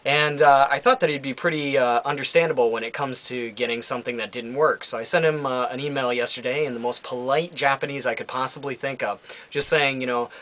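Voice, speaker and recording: A man's voice: medium pitch, fairly quick, a bit bright. A young man ranting casually in a vlog from his home, rambling with many fillers and some swearing. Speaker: vlogger.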